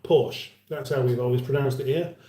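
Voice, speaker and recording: A man's voice: medium pitch, animated, a little slow, warm tone, roomy sound. A man hosting a casual livestream, rambling chattily and reading out viewer comments. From United Kingdom. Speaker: livestream host.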